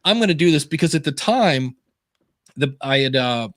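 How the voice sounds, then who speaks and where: A man's voice: a little high, moderate pace, no room sound, studio quality. A middle-aged man from Ohio, a guest on a video-call interview, telling stories casually and acting out the voices of the people in them. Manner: animated storyteller acting out quoted voices. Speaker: podcasting guest.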